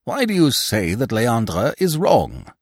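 A man's voice: mid-range voice, wildly swooping pitch, takes it slowly, breathy edge, no echo, clean studio sound, voice pushed up, full character voice. A man voicing a pompous, portly male troupe leader who blusters and takes offence. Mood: indignant. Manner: blustering, indignant. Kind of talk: audiobook character voice.

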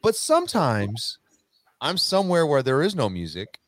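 A man's voice: a little high, wildly swooping pitch, moderate pace, dry recording. A man appearing as a podcast guest who talks in an upbeat, motivational way. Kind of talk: casual podcast chat.

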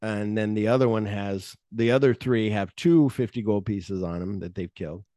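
A man's voice: fairly low pitch, normal speed, warm tone, no room sound, clean studio sound. A man co-hosting a podcast, retelling film scenes in a loose, rambling way with plenty of swearing. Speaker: podcast co-host. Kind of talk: casual movie-discussion chat.

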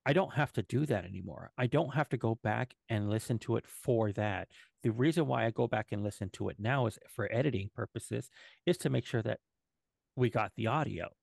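Gravelly-voiced man chatting casually. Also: medium pitch, darkish tone, no room sound, studio quality. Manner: halting, many restarts and fillers. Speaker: podcast co-host and editor. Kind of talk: casual live-stream chat.

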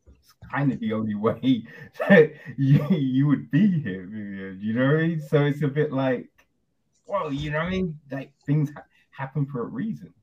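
A man's voice: medium pitch, lively intonation, moderate pace, husky, lo-fi sound. A man interviewing guests in a loose, chatty way, full of fillers. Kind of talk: casual interview chat.

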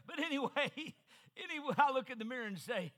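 A man's voice: very high-pitched, animated, fairly quick, a bit bright. An older man from New Mexico preaching an emphatic revival sermon as guest preacher, with personal stories and repeated calls to the listeners.

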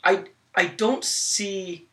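A podcast co-host in a casual movie discussion, dry and wry with quick bursts when making a point. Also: mid-range voice, fairly even intonation, fairly bright tone. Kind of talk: casual chat about movies.

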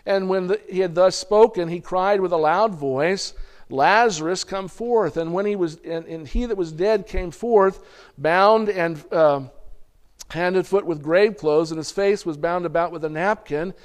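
A man with a notably high-pitched voice delivers a sermon, reading long scripture passages aloud. He talks straight to the congregation as "folks," clearing his throat and restarting words as he goes. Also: measured pace. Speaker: preacher.

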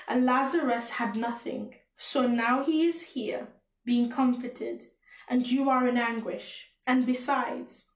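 A man's voice: extremely high pitch, full character voice. A woman with a Caribbean accent voicing Abraham, a stern old patriarch, in a scripture reading. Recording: roomy echo.

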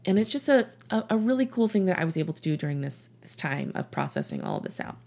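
A woman hosting her own self-help podcast, talking gently and encouragingly to her listeners as a coach. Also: fairly low pitch, sing-song, fast talker, creaky.

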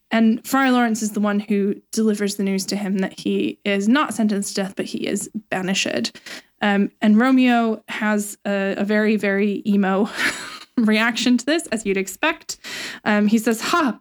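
A woman co-hosting a podcast casually retells a play's plot, chatty and laughing, paraphrasing lines with irreverent asides. Her mid-range voice has fairly even intonation, and she speaks a little slowly.

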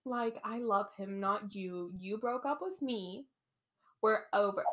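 A young woman voicing an excitable young heroine in a squealy, breathless way. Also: mid-range voice, takes it slowly. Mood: blunt.

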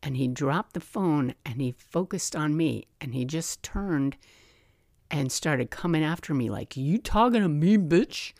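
A woman's voice: low voice, measured pace, dry recording. Woman telling a personal story, dry close sound. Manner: animated, acts out remembered voices. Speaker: podcast host.

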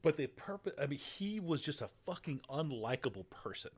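A man's voice: on the high side, very animated, normal speed, breathy edge. A man co-hosting a casual movie podcast, rambling and profane, laughing often as he talks. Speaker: podcast co-host.

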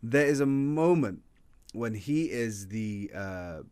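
A man's voice: on the low side, animated, takes it slowly, darkish tone, smooth, no room sound. A man co-hosting a casual film review chat, rambling with many restarts and fillers. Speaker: podcast co-host.

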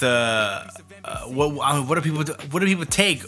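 Man, fifties, casual rant, sarcastic, sharp bright tone, slightly high voice. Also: lively intonation, normal speed, soft background music. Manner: sarcastic, heated, swearing.

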